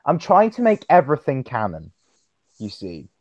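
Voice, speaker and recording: A man's voice: medium pitch, huge pitch swings, normal speed, darkish tone, dry recording, muffled recording. A young man hosting a casual podcast chat, rambling, restarting and stumbling over his words. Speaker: podcast host.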